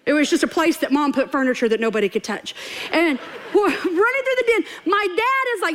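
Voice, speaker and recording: Standing before a congregation on a church stage, this woman preacher speaks briskly in an extremely high voice. Her sermon includes a humorous personal anecdote, which she delivers with laughter and lively impressions of the people quoted.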